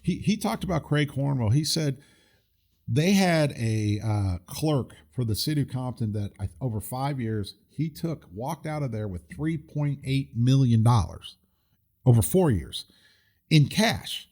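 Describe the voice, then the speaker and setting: A man hosting a casual podcast, telling stories at length with frequent restarts. His tone runs indignant, and his pitch sits in the middle. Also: expressive, unhurried, darkish tone. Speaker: podcast host.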